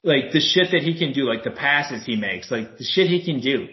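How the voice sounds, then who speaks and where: A man co-hosting a casual sports chat, animated and swearing a lot as he retells a heated argument. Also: mid-range voice, normal speed. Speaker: podcast co-host. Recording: roomy, dull lo-fi sound.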